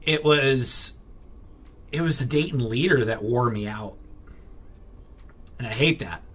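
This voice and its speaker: A man's voice: medium pitch, slow, fairly bright tone, slightly rough. A man vlogging in a casual, rambling way, full of fillers and restarts, blunt and irritated as he vents and swears now and then. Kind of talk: casual venting to camera.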